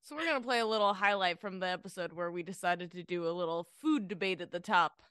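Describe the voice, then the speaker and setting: A woman's voice: fairly low pitch, quick pace, a bit bright, clean tone, no echo, studio quality. A woman co-hosting a podcast in casual chat, telling wry stories and teasing her co-host.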